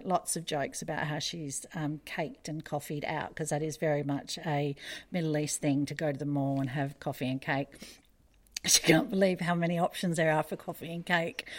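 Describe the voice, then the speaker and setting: Chatty middle-aged woman, low-voiced. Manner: chatty, digressive, many fillers. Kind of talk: casual conversation.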